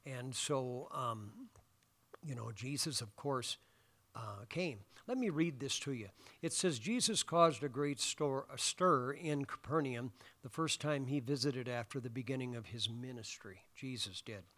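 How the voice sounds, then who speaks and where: A man's voice: medium pitch, a little slow, a bit bright. A man preaching a sermon in a church sanctuary, talking conversationally and asking the congregation questions between many fillers. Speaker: pastor.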